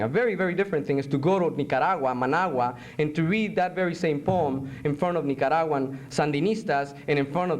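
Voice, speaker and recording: A male poet reads his work aloud before a live college audience. His voice sits high and animated, dropping lower for the verse and mixing in Spanish words. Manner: animated, switches between English and Spanish. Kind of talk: live poetry reading.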